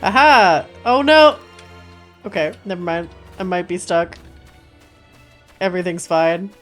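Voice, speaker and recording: A woman's voice: fairly low pitch, expressive, measured pace, soft background music. A woman streamer chatting casually and playfully with her viewers while she plays a game. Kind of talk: casual gameplay chat.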